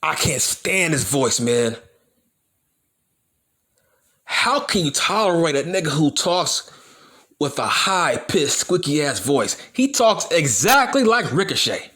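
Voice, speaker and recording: A man's voice: a little high, very animated, slow, pauses often, pushed and bright. A man ranting about wrestling to his viewers in a heated, profane way, repeating his points for emphasis. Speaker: wrestling YouTuber. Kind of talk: profane opinion rant to camera.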